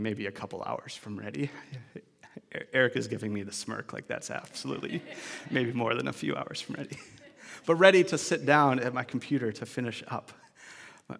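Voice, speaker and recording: Male pastor, reflective and conversational, average pitch, recorded with long reverb in a church sanctuary. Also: vocal fry, a bit bright. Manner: conversational and reflective, with restarts and asides. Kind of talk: sermon.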